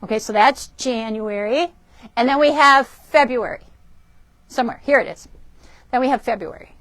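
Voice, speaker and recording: High-voiced lady hosting a quilt shop stream, chatty, lots of ums, dry close sound. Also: normal speed, a bit bright, dry recording. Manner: chatty, upbeat, frequent ums and self-corrections. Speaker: shop host presenting fabrics and books. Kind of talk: casual product demo for a live stream. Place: indoors in a fabric shop.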